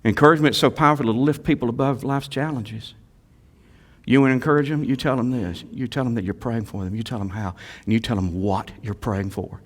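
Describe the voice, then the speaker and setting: A male pastor preaching a sermon, swinging from quiet asides to loud exhortations and repeating key phrases for emphasis. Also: mid-range voice, brisk.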